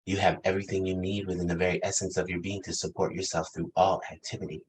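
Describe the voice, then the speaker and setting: A man voicing a gentle, nurturing woman's inner voice that soothes and reassures him. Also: sits low, flat delivery, fast, a little hiss or hum, close to an everyday voice, low-quality recording. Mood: soothing.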